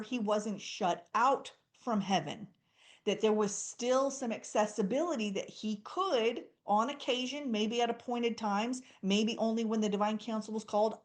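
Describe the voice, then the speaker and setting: A woman teaching a Bible study lesson, lively and conversational, acting out quoted dialogue as she explains. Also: medium pitch. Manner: animated, acts out quoted dialogue.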